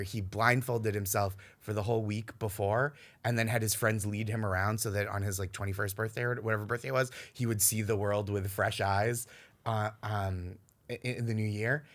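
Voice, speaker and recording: Bright-voiced joking man. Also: on the low side. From Boston area, USA. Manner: joking, animated, quick to laugh. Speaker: comedian guest. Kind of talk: casual podcast chat.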